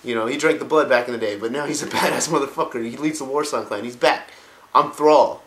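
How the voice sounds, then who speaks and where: A man's voice: medium pitch, a little fast, a bit bright, roomy sound, natural voice, rough recording. A man voicing a brash young male orc chieftain, talking cocky and profane.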